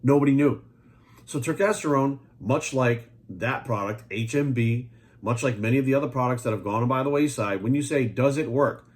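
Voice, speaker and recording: A man in his forties, a fitness coach, ranting bluntly and profanely to his viewers. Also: medium pitch. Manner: rapid, pushy, talks straight at viewers. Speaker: fitness coach and supplement maker. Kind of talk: ranting monologue to camera.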